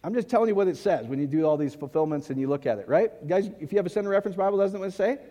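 A man's voice: high-pitched, animated, rapid-fire, dark tone, in a large hall. A man preaching a conversational sermon as pastor, often asking the congregation questions.

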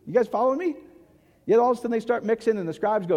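Man, pastor, sermon, emphatic, checks with the audience, high voice, echoing hall. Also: lively intonation, very fast, lo-fi sound. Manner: emphatic, asks the audience for agreement often.

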